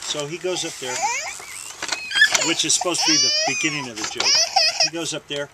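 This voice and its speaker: A father telling a long joke at home in an unhurried way, now and then slipping and correcting himself, filmed on a handheld camcorder. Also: fairly high pitch, wildly swooping pitch, very noisy. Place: family home. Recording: home video, baby crying loudly.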